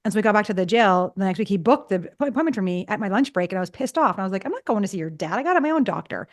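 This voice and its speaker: A woman in her fifties talks quickly and chattily as a guest in a relaxed interview. She tells personal stories and slips into acting out both sides of old conversations. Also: medium pitch. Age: 50s. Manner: chatty, acts out past conversations. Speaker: psychologist guest. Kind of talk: casual storytelling interview.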